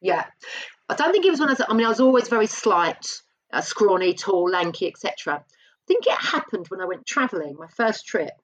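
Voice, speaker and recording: A woman's voice: medium pitch, very animated, a little fast, poor audio. A woman speaking as an interview guest, open and reflective, often restarting her sentences. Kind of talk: candid conversational interview.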